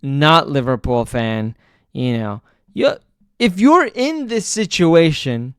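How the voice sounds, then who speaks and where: A man's voice: fairly high pitch, big pitch swings, slow pace, clear, resonant tone, dry recording, studio quality. A man giving casual, profane, exasperated commentary as a football vlogger, rambling with fillers.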